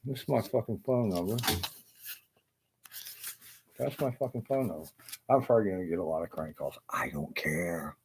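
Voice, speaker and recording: This carpenter's low, slightly mellow voice moves at a moderate pace with long pauses, over slight background noise. In a casual rant to camera he is profane, bitter and rambling, full of restarts and asides.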